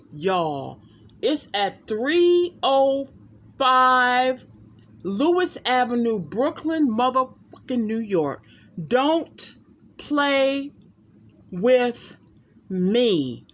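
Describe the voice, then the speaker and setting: Emphatic woman vlogger, fairly high voice. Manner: emphatic, animated, talks to viewers as "y'all". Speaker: psychic reader. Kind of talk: casual vlog chat to viewers.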